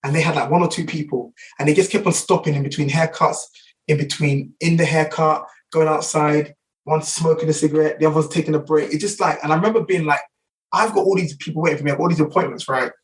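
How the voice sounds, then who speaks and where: A man's voice: fairly high pitch, steady tone, distant mic, low-quality recording. A middle-aged man with a London accent, a barber guest telling anecdotes in a casual interview, full of fillers and restarts. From England. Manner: rapid anecdotal, many fillers.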